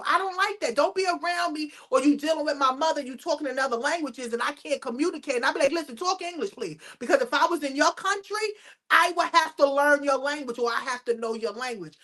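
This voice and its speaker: A woman's voice: high-pitched, fairly bright tone. A woman hosting a casual chat show, talking bluntly and emphatically and laughing often. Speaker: host.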